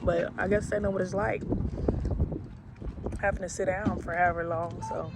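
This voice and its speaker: A woman's voice: lowish voice, fairly even intonation, moderate pace, very noisy. Slangy woman telling a story. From Alabama, US South. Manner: laid-back, slangy and chatty. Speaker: vlogger. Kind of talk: storytelling vlog.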